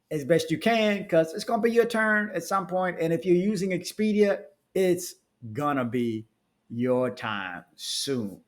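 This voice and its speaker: A man, a travel vlogger reading reviews aloud and ranting in casual asides with frequent restarts. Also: sits high.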